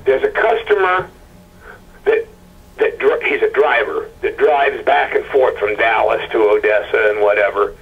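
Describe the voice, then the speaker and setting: Husky man, halting and stammering, muffled lo-fi interview audio. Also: mid-range voice. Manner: halting, stammering retelling with quoted dialogue. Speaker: husband of a missing woman, interview guest. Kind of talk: emotional personal account.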